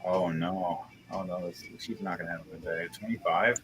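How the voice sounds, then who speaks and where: A man's voice: deep voice, steady tone, moderate pace, fairly bright tone, rough recording. A man narrating as game master of a tabletop game, describing combat in graphic, profane detail. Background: music playing.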